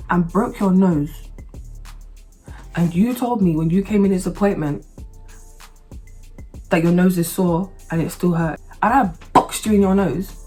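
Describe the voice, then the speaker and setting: A woman telling a story to camera in a blunt, sarcastic, expressive way. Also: fairly low pitch. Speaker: vlogger. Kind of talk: animated storytime monologue.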